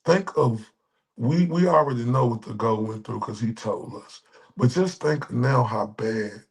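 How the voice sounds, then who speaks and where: A man's voice: medium pitch, measured pace. A man from Dallas streaming a reaction, ranting and mocking with heavy insults and repetition. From Dallas, Texas. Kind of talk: profane reaction rant.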